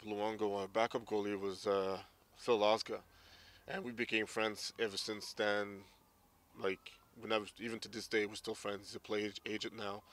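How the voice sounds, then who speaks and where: A man's voice: on the low side, fairly bright tone. Candid man telling his own story. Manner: candid, reflective, recounting memories. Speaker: guest, former hockey player. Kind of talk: casual interview storytelling.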